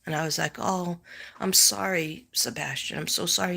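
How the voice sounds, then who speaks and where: A middle-aged woman with a low-set voice talks loosely on a live stream. She rambles, circling back often as she tells her story with animated asides. It is a relaxed, chatty psychic host. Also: moderate pace, creaky, slightly rough. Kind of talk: casual live-stream chat.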